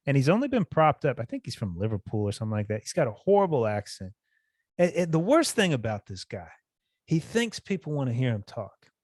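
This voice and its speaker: A man's voice: mid-range voice, sing-song, fairly quick, darkish tone, dry recording, studio quality. A man co-hosting a casual podcast, ranting bluntly and cursing a lot. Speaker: podcast co-host. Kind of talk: casual chat.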